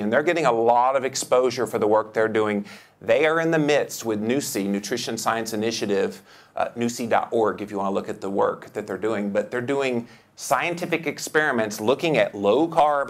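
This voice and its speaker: Brief: upbeat male speaker at a seminar, mid-pitched, playful, with sudden high jumps on punchlines. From United States. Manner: enthusiastic, joking, with big pitch jumps for emphasis. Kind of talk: lively conference talk. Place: lecture hall.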